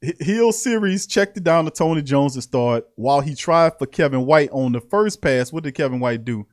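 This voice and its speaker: A man hosting a casual sports talk show, reading out practice notes and reacting with animated, laughing commentary. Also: a little high, normal speed. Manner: animated, laughing, repeating lines for emphasis.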